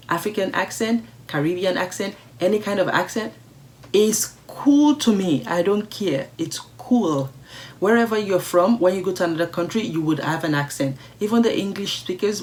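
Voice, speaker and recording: A woman's voice: on the low side, darkish tone. A woman vlogger reading viewer letters aloud and commenting on them in a casual, emphatic, outspoken way, repeating her points for stress.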